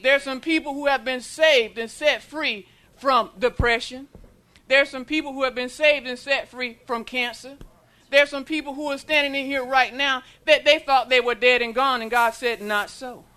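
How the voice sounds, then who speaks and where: A woman preaching a sermon in a church, leading the congregation in call-and-response and building to shouts. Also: high voice, steady tone, moderate pace. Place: church sanctuary.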